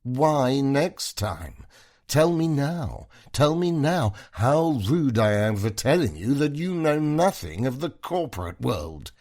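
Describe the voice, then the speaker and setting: A man voicing a tipsy, sharp-tongued corporate wife who mocks and taunts her husband in a slurred voice. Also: mid-range voice, sing-song, a little slow, slightly rough, pitched above the performer's own voice, heavily acted.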